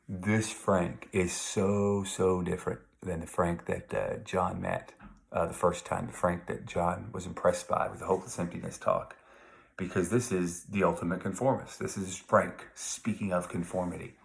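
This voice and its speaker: A male teacher walking his class through a novel in a relaxed, conversational lecture. His voice sits very low with a gravelly fry. He drifts into asides and reads passages out loud as he goes. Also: normal speed. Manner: conversational, digressive, reads quotes aloud. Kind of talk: recorded literature lecture.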